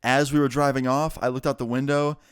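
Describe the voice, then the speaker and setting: A young man telling a storytime vlog in a casual, animated way with lots of swearing. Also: medium pitch, fairly quick, clear, resonant tone, no room sound, clean studio sound.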